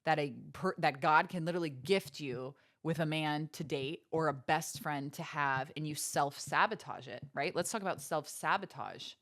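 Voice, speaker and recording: A woman's voice: low-pitched, moderate pace, hardly any pauses, a bit bright. Earnest woman podcaster asking pointed questions. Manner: earnest, preachy, rhetorical questions. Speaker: podcast host. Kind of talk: motivational faith-based podcast talk.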